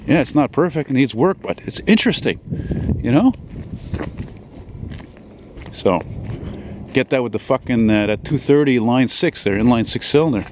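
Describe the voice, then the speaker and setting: A man strolls a city street, filming himself on a handheld camera and chatting in a loose, rambling way, swearing casually and padding his talk with fillers. His voice sits at an ordinary middle pitch. Faint traffic hums in the background. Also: lively intonation, moderate pace, pauses often, a little mellow. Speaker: vlogger. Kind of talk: casual walking vlog.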